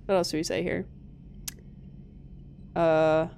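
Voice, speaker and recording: A woman's voice: fairly low pitch, level tone, a little slow, pauses often, a little hiss or hum. A young woman from Minnesota giving casual gameplay commentary, chatty, swearing freely and laughing often. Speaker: streamer.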